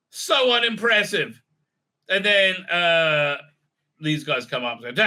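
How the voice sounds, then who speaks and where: A man's voice: fairly high pitch, expressive, normal speed, pushed and bright. A man giving a casual, mocking review, rambling with many fillers. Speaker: video reviewer.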